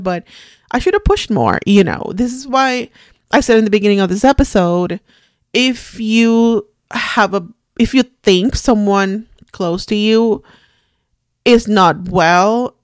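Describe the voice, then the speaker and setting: A woman in her forties, hosting a podcast, telling a personal story in a somber, reflective and halting way. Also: mid-range voice, no echo, clean studio sound. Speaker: podcast host.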